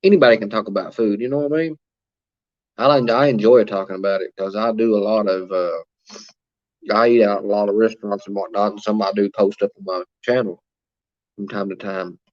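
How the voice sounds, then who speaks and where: A man's voice: on the low side, steady tone, a little fast, highs cut off. A man hosting a casual livestream, chatting and reading viewer comments aloud with plenty of fillers. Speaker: livestream host reading chat. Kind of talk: casual live-chat talk.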